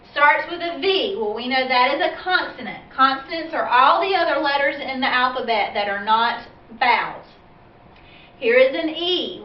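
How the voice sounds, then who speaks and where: Woman teacher, high voice, slow patient phonics explainer; recorded at a distance in an echoey room, muffled. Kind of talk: phonics lesson for parents and children. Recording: echoey, dull, distant from the mic.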